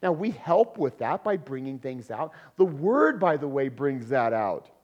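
A pastor, preaching a conversational sermon and acting out quotes with humor. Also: male voice, medium pitch, big pitch swings, a little slow, highs cut off.

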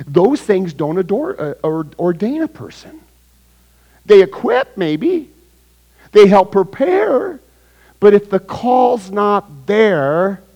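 A man preaching a sermon, talking casually with the congregation, asking them questions, with sudden loud bursts and quiet asides. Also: fairly high pitch, rough recording. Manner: animated, with sudden loud outbursts and hushed asides; conversational, asks the congregation questions. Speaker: pastor.

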